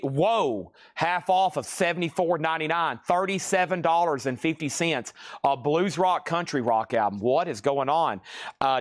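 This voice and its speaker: A man running a live-stream record sale in a store, rattling off titles and prices in a quick sales patter, tired and saying his voice is wearing out. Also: a little high. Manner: rapid auction-style calling of items and prices, chatty asides. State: tired, voice getting worn.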